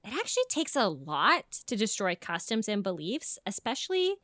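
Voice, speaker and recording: A woman's voice: medium pitch, moderate pace, dry recording. A young woman co-hosting a casual podcast, mixing folklore with crude jokes. Her voice bounces through a wide melodic range. The recording is close and dry. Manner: animated, jokey, swearing storyteller. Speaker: podcast co-host.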